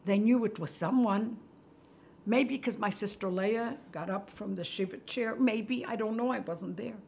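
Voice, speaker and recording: An older woman hosting from her kitchen, telling a story with animation and hushed near-whispers. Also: medium pitch, unhurried, creaky, husky. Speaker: host. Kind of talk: storytelling talk to viewers. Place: home kitchen.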